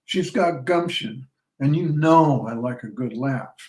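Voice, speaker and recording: A man's voice: mid-range voice, unhurried, darkish tone, natural voice. A man reading the lines of a tall, confident frontier general, good-humored and drawling, recorded in a roomy space from a distant mic.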